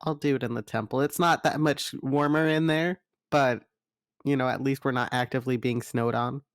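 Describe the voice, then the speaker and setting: A man's voice: medium pitch, steady tone, moderate pace, no room sound, clean studio sound. A man playing his character in a tabletop game, earnest and hesitant, often restarting sentences. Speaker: player. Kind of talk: in-character tabletop role-play.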